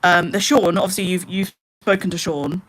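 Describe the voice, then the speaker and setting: A woman's voice: fairly low pitch, steady tone, moderate pace, a bit bright. A young woman live streaming, chatting casually with viewers and reading out their comments in an exasperated, ranting way. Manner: ranting, exasperated, talks straight to chat.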